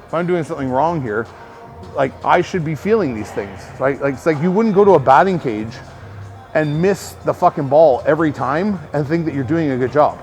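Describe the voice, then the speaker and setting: A man's voice: fairly high pitch, expressive, normal speed, darkish tone, faint music behind. A man working as a personal trainer, rambling through casual coaching talk to the camera, swearing and filling gaps with "like". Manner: rambling, profane, filler-heavy.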